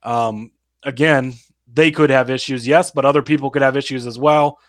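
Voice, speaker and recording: A man co-hosting a sports betting podcast, laying out his picks in a steady, explanatory, plain-spoken way. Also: mid-range voice, moderate pace, no echo, clean studio sound. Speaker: podcast co-host. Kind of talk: casual sports betting analysis.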